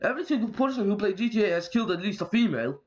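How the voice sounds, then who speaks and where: A young man with a high voice rants to camera in a vlog, swearing and exasperated. His voice comes through a dull, lo-fi home mic. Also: sing-song, rapid-fire. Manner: profane, ranting, exasperated. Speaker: YouTuber. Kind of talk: angry rant vlog.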